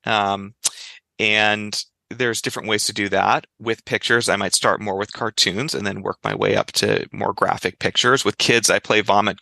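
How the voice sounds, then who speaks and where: A man speaking as a clinical psychologist guest in a conversational interview, explaining in a lively way and giving examples. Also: fairly low pitch, moderate pace, vocal fry, no room sound.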